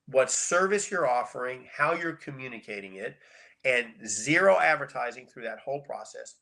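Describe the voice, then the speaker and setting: A middle-aged man with a bright, forward voice tells stories as a podcast guest. He talks casually and with animation, often repeating words for emphasis, in a middle-pitched voice. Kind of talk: casual storytelling interview.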